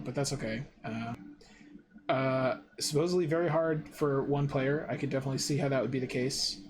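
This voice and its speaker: A man co-hosting a board game playthrough who keeps up a chatty, joking banter. His voice sits at an ordinary middle pitch. Steady background noise runs under his speech throughout. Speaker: podcast co-host and game player.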